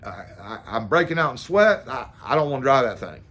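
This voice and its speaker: A man's voice: medium pitch, sing-song, a little fast, few pauses, a bit bright. Rambling man telling a story. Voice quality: plain-spoken and informal, swears casually. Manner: rambling, self-deprecating, lots of fillers and restarts. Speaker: amateur drag racer. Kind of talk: casual storytelling to camera.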